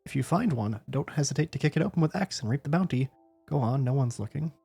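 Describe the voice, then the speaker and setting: A man's voice: mid-range voice, lively intonation, quick pace, gravelly, warm tone, breathy edge, faint music behind. Rambling joking male streamer. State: sleepy, yawning. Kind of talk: casual gameplay commentary.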